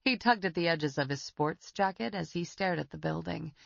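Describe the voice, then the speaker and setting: A woman narrating a suspense audiobook in a steady, even reading. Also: lowish voice, moderate pace, vocal fry, no room sound, dull audio. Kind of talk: scripted narration.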